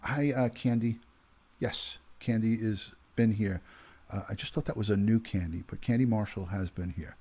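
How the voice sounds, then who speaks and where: A man's voice: lowish voice, moderate pace, warm tone, husky. A man in his fifties, a retired detective hosting a casual livestream, chatting with viewers and greeting them by name with plenty of ums and uhs. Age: 50s.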